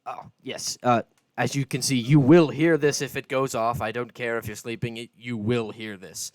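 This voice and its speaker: A man doing a loud dwarven sea captain. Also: medium pitch, steady tone, moderate pace, lightly acted. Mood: emphatic. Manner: loud, rambling announcement full of hesitations.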